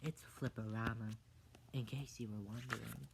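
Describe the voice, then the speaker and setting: A woman reading a children's picture book aloud in an almost-ASMR style, with soft, half-whispered asides. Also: extremely low pitch, steady tone, normal speed, gravelly, very noisy. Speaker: book reader.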